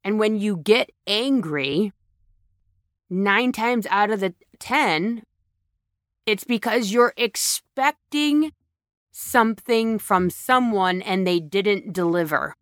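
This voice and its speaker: A woman's voice: medium pitch, slow, fairly bright tone, no room sound, studio quality. A woman with children talking frankly about emotions in a casual motivational monologue, blunt and emphatic, often repeating herself and restarting phrases. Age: adult, has children. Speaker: speaker on emotions.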